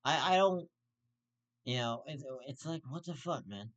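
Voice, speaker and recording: A man's voice: lively intonation, unhurried, fairly bright tone, lo-fi sound. Swearing man ranting as a vlog host. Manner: swears constantly, jumps in pitch when outraged. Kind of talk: profane vlog rant.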